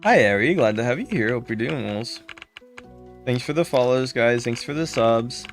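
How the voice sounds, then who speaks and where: A man's voice: mid-range voice, animated, normal speed, soft background music. Man greeting viewers on a live stream. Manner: greets chatters by name, repeats thanks. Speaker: game streamer. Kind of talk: casual live-stream chat.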